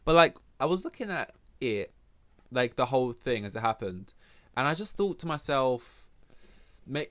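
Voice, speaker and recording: A young man with an English accent, hosting a solo podcast and rambling through a casual, profane, self-mocking rant. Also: mid-range voice. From England. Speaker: podcast host.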